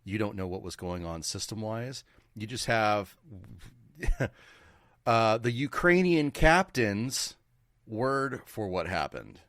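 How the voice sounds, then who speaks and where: Low male co-host, halting and doubtful, lively pitch, dry close recording. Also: no room sound. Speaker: podcast co-host. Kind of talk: casual conspiracy talk.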